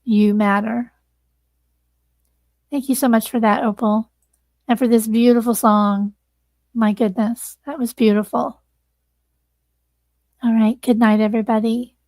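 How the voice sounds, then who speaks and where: A woman's voice: a little high, steady tone, unhurried, pauses often, a little mellow, dry recording. A woman hosting a livestream, earnestly thanking viewers and close to tears. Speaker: livestream host. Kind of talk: casual livestream sign-off.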